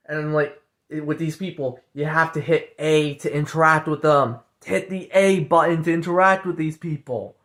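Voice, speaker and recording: A male vlogger rants casually to the camera in a steady, fairly bright voice at normal speed. He repeats his points over and over, tacking "okay?" and "guys" onto most of them, and mocks others in higher, put-on voices.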